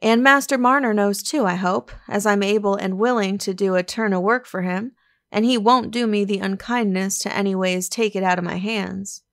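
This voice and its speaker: A woman's voice: medium pitch, fairly even intonation, moderate pace, close to an everyday voice. Woman reading an eager young gardener. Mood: earnest. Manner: earnest rustic dialect talk. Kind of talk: audiobook reading.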